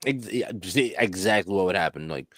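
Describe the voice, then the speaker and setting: A man hosting a podcast, talking casually about a film in a rambling, profane, animated way. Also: sits low, brisk, no room sound, clean studio sound. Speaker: podcast host.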